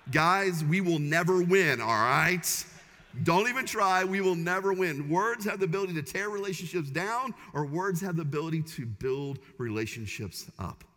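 In a church sanctuary, an emphatic male pastor preaches a sermon with a repetitive cadence. His voice is a little high and a bit bright, and the large hall adds long reverb.

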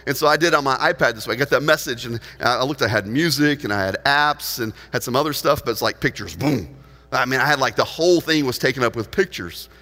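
A man in his forties, a pastor preaching a sermon with animated storytelling that swings between loud and hushed. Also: medium pitch, fast. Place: church auditorium. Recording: long hall reverb.

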